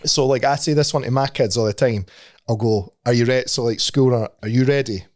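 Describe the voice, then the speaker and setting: A man's voice: medium pitch, a little fast, a little mellow. A man in his thirties with a Scottish accent, co-hosting a podcast with laughing, sweary banter. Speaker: podcast co-host. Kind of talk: casual chat. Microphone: studio mic.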